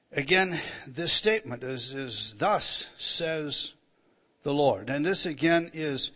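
A man's voice: a little high, a bit bright. A man preaching an expository sermon, reading verses aloud and explaining them with emphatic rises and frequent restarts.

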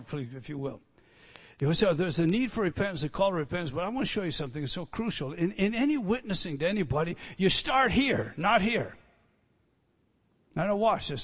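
High-voiced man preaching with sudden emphasis. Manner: emphatic, swinging from loud declarations to hushed asides. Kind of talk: expository sermon.

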